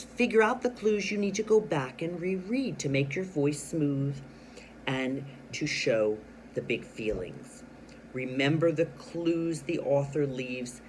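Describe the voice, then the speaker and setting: A man teaching a children's reading lesson. He reads a storybook aloud with lots of expression, stressing words and pausing, then explains plainly what he did. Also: fairly high pitch, darkish tone, a little hiss or hum.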